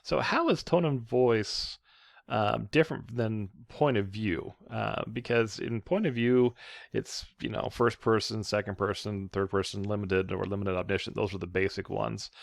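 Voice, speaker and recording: A man's voice: fairly low pitch, fairly even intonation, normal speed, vocal fry, no room sound, studio quality. A man who teaches writing, giving a casual, rambling lecture full of fillers and restarts. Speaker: writing professor. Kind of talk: lecture with slides.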